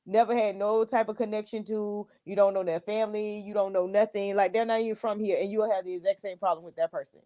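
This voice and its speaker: A woman's voice: mid-range voice, fairly even intonation, fast talker, hardly any pauses, mellow. A woman in casual conversation who talks in long, rambling explanations. She fills her speech with repeated fillers as she circles her point. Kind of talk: casual chat.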